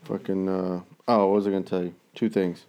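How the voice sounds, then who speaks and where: A man's voice: sits low, little pitch movement, fairly quick, mellow, clean tone. A man in casual chat, rambling through everyday stories and swearing constantly.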